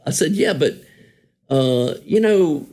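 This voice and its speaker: This songwriter guest has a fairly high yet dark-toned voice, speaking slowly but with animation as he shares stories of an old friend. His easygoing, rambling telling includes many self-corrections and chuckles.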